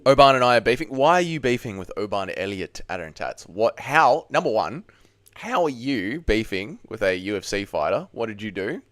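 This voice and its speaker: Seated at a desk at home, a man with a medium-pitched voice hosts a casual live fight watch-along, swearing freely and reading out viewers' messages as he chats with them. The sound is clean studio quality with no room sound.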